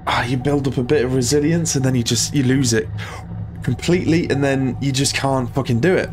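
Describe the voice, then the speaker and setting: A man's voice: medium pitch, brisk. A man hosting a gaming channel, giving jittery let's-play commentary full of swearing and muttered self-talk. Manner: jittery, swears a lot, talks to himself.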